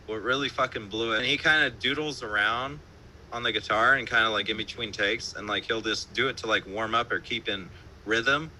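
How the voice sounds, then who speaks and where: A man's voice: on the low side, a little fast, bright, forceful tone, slight background noise, low-quality recording. A man, a band musician, telling stories in a casual interview over a live-stream call, loose and profane, full of fillers and laughter. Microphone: remote live-stream call.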